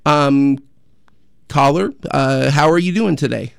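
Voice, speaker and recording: A man hosting a call-in radio show, speaking earnestly and haltingly with many fillers and restarts. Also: a little high, gravelly, smooth, dry recording, clean studio sound. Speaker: radio host. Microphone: studio microphone.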